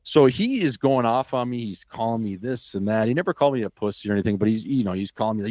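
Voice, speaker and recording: A man from Wisconsin, a former hockey player, telling a story as a podcast guest in a casual, animated and profane way. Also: mid-range voice, fast talker, few pauses, no echo.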